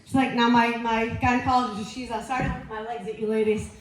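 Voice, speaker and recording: A woman's voice: on the high side, level tone, fast, crowd noise. A woman doing a stand-up set, rambling and crude, losing her place and laughing at herself. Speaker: stand-up comedian. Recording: very echoey room.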